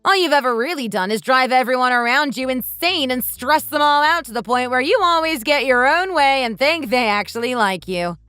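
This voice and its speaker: A woman's voice: high-pitched, animated, moderate pace, hardly any pauses, clean tone, dry recording, faint music behind. A woman voicing a mocking, defiant young wife. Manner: sharp, mocking, blunt. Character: sarcastic, defiant young wife standing up to her in-law. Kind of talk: texting story voice acting.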